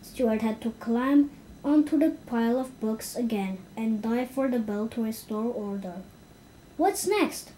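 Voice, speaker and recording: A woman reading a children's storybook aloud in a steady, unhurried way, with small restarts. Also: fairly high pitch, a little hiss or hum, rough recording. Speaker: reader.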